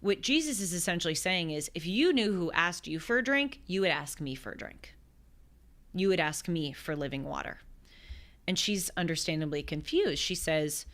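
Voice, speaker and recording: A woman in her twenties hosting a show, telling a gospel story in a lively conversational way with quick asides and acted quotes. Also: on the low side. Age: 20s. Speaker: host. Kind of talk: conversational religious commentary.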